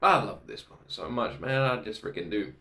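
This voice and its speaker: Emotional man in a roomy room. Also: lowish voice. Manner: excitable, openly emotional, talks in quick bursts and repeats himself. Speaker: reaction video host. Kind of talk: emotional reaction commentary. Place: home room.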